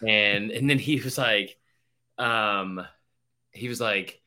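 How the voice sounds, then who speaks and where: In an unhurried, fairly low voice that sounds pushed and bright, a young man co-hosting a sports podcast chats casually, swearing freely and rambling through stories full of quoted voices.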